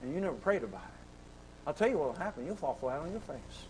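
A man preaching a sermon, impassioned and repetitive, swinging between shouts and hushed pleading. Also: a little high, big pitch swings, a little fast, slight background noise, rough recording. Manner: sings hymn lines briefly.

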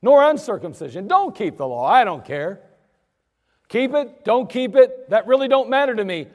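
A pastor's sermon rings through a church sanctuary with long reverb, his extremely high, sing-song voice moving at a moderate pace. He preaches emphatically and acts out the voices of those he quotes.

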